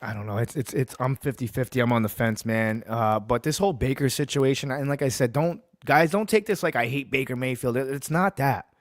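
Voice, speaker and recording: A man's voice: medium pitch, a little fast, hardly any pauses, no room sound, studio quality. A man from Massachusetts hosting a sports podcast, ranting bluntly and profanely and hammering his points home by repeating them.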